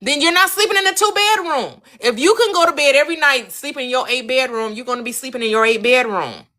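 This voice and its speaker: Speaking fast in a high voice with a sharp tone, a manifestation coach runs a live-stream teaching chat. She talks animatedly to viewers, greets them by name, repeats her questions for emphasis, and acts out little quoted scenes.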